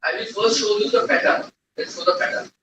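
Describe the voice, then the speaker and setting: A trainer with a high-sitting voice and fairly even intonation teaches a technical class at a brisk clip. He quizzes the room and repeats key points in a lecture hall, captured by a distant mic in an echoey space with background noise.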